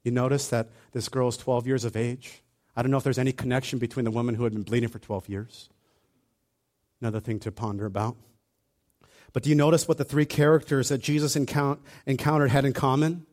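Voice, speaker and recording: A man preaching a sermon in a conversational, animated way, acting out little asides as he retells the story. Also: medium pitch, a little fast.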